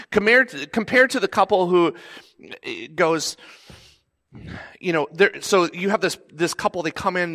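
Man preaching, acting out quotes. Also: a bit bright. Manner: conversational preaching that acts out pleading quotes with sudden raised pitch. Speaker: pastor. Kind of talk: sermon.

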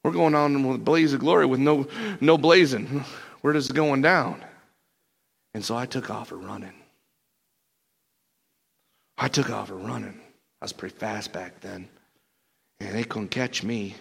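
A man playing Peter, gravelly and blunt. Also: mid-range voice, unhurried, long pauses. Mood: excited. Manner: rambling, excitable first-person storytelling with many restarts. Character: burly rough-talking apostle Peter, impulsive and blunt. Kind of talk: dramatic first-person monologue.

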